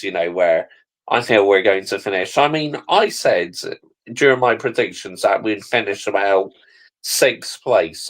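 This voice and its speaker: A man's voice: medium pitch, poor audio. An easygoing man chatting casually about football and his team's chances. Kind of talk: casual chat.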